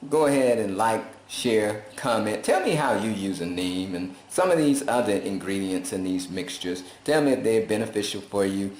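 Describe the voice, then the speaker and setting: A man talking in a folksy, preachy, casual vlog style, telling animated stories. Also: fairly low pitch, normal speed, few pauses, slight background noise. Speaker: vlogger. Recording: roomy echo.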